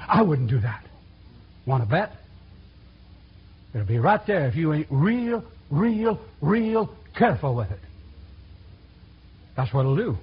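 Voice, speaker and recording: A man preaching a sermon in a church, folksy and animated, acting out quotes with sudden loud outbursts. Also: fairly high pitch, husky. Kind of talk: sermon with storytelling. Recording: dull lo-fi recording.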